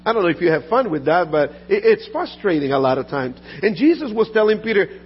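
A man preaching a sermon earnestly, often restarting and repeating words, and dropping soft and low in the painful parts. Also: sing-song, a little fast, few pauses, breathy edge. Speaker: pastor. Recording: dull lo-fi audio with faint mains hum.

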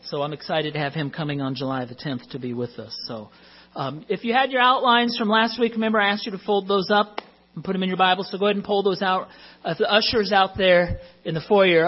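A man's voice: fairly high pitch, lo-fi sound. A man in his fifties preaching a sermon in a church, speaking chattily and informally with many fillers. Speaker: pastor. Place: church sanctuary.

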